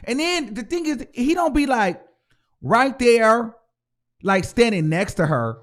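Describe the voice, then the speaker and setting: A man's voice: extremely high pitch, measured pace. A man hosting his own show, giving a casual, profane commentary and acting out the people he talks about. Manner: animated, profane, acts out quoted voices. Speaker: host.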